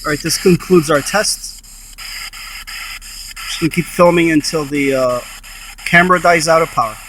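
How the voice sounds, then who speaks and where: A man's voice: fairly high pitch, normal speed, noisy background. A man investigating the paranormal on location, calling out questions and then repeating and explaining what he thinks he heard. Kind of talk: casual on-location commentary.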